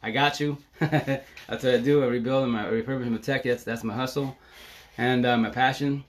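Fast-talking, excitable man live streaming. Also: mid-range voice. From Seattle area. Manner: fast, excitable, slangy and profane with constant fillers. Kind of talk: casual Facebook Live monologue.

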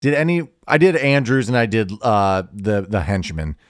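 A man's voice: lowish voice, very animated, normal speed, no room sound. Podcast guy running the segments, dry easygoing delivery, dead dry mic. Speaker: podcast co-host. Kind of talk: casual movie-recast chat.

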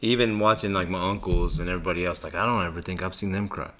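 A man's voice: sits low, fairly even intonation, fast, pushed and bright. A man hosting a casual conversation, speaking reflectively and easily.

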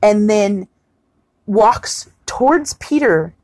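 A woman's voice: mid-range voice, extremely slow, no room sound. Woman telling a movie scene all worked up, swears a lot, dry close sound. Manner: animated, swearing, acts out scenes. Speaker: podcast co-host. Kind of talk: casual chat recapping a film.

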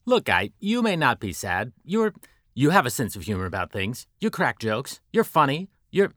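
A man playing a kooky neighbor husband in a deadpan sitcom parody, rambling and repeating himself. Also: mid-range voice, moderate pace, dry recording, studio quality. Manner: rambling, repetitive storytelling.

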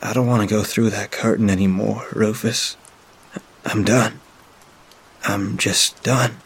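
A man voicing a weary, guilt-ridden grown man who speaks sadly with a halting, breaking voice. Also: on the low side, steady tone, gravelly, a little hiss or hum, voice pushed up. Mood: resigned.

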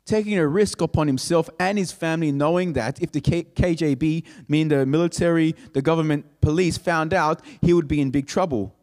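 High-voiced man preaching in a reverberant hall. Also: a little fast, hardly any pauses, a little mellow. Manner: emphatic, repetitive preaching cadence. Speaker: pastor. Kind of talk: sermon.

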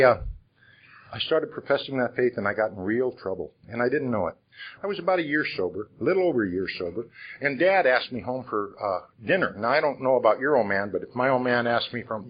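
At a recovery conference, an older man from Iowa gives his personal testimony in a conference hall, speaking conversationally and frankly with rhetorical questions. His mid-range voice is husky, and the recording is muffled.

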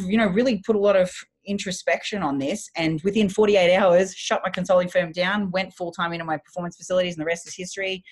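Blunt, profane woman coach telling stories. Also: on the low side. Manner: blunt and profane, animated storyteller. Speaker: guest, fitness coach. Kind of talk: casual interview storytelling.

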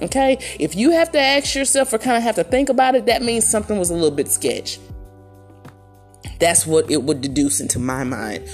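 Woman, middle-aged, casual podcast host, animated, playful, faint background music. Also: mid-range voice. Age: middle-aged or older. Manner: chatty, animated, playful asides. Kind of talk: casual solo podcast chat. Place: at home in a chair.

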